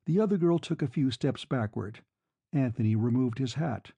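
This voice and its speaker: Mellow, unhurried male novel narrator. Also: mid-range voice, no echo, muffled recording. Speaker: audiobook narrator. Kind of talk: scripted narration of a classic novel.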